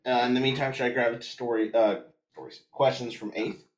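A podcast co-host reading out listener questions in a deadpan way. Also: medium pitch, fairly quick. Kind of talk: casual podcast chat.

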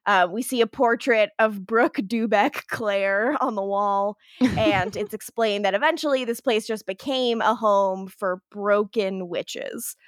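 A woman's voice: mid-range voice, dry recording, studio quality. A young woman co-hosting a podcast, chatting casually and laughing a lot as she recaps an episode. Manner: giggly, fast, full of "like" and laughs. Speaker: podcast co-host.

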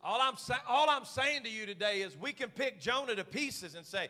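A man pastor preaching a sermon, swinging from hushed asides to shouted, fiery passages. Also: very high-pitched, very animated, fairly quick, hardly any pauses, big-room sound.

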